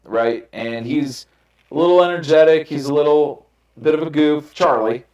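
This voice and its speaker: A man's voice: on the high side, moderate pace, a little mellow, highs cut off. Candid, swearing young man in an echoey room. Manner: candid, swearing, rambling storytelling. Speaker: podcast host. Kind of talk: casual chat. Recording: roomy echo.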